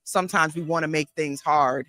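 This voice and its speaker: A woman's voice: low-pitched, steady tone, sharp tone. A woman therapist and life coach hosting an interview, speaking reflectively with frequent restarts. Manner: reflective, halting with restarts and fillers. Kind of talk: casual interview conversation.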